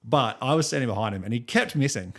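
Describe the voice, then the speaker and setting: Talking fast with an expressive, mid-pitched voice, a young Australian co-host of a music podcast rambles through his stories. The chat stays casual, and he keeps breaking into chuckles.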